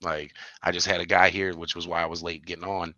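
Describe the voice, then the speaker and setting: A man with a low, deep voice that still comes through bright and forceful. He co-hosts a podcast and chats casually, telling stories animatedly with sudden high-pitched laughing bursts. The sound is dry and close. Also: flat delivery, fast, dry recording, dull audio. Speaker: podcast co-host. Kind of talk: casual chat.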